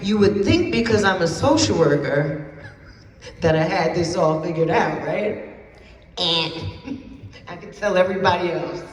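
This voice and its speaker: Woman speaking slowly in an echoing hall. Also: mid-range voice. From New Jersey. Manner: emphatic, repeats phrases for effect. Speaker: keynote speaker. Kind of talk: personal testimony speech. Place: event hall. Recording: roomy hall from a distance.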